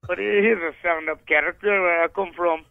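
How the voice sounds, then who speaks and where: A hoarse man from Scotland calling in, bragging in crude, profane tough-guy banter, his voice cracking. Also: sits high, steady tone, fairly quick, dry recording, narrow, tinny audio. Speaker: caller. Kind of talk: crude comic call-in banter.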